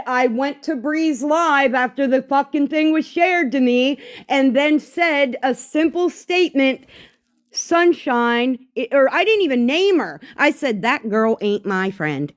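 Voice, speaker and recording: A woman's voice: high-pitched, measured pace. A woman on a livestream, ranting in a profane and exasperated way about a falling-out. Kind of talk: angry livestream rant.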